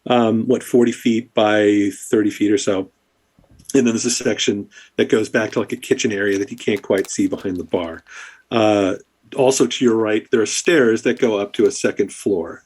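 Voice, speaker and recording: Brief: male game master with a mid-pitched voice, relaxed and rambling. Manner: relaxed, filler-heavy description. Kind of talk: narrating a tabletop game.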